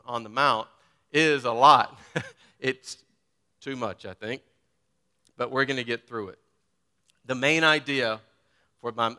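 A man preaching a sermon as pastor, first reading scripture, then talking casually with filler words and building to emphatic, forceful points. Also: medium pitch, smooth, big-room sound. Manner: reads scripture, then talks informally and grows emphatic.

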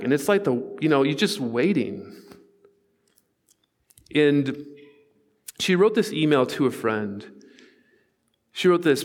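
Earnest pastor preaching in a reverberant hall. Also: male voice, mid-range voice. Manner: earnest, conversational storytelling with asides to the congregation. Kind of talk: sermon. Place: church sanctuary.

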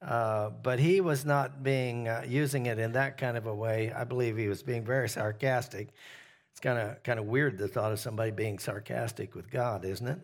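Pastor, male, mid-pitched voice, informal Bible-study teaching with fillers and questions to the group. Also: fairly even intonation, normal speed.

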